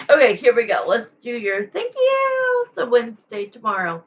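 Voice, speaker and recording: A woman's voice: a little high, huge pitch swings, moderate pace, dull audio, background noise. A woman tarot reader chatting casually and frankly with viewers on a livestream.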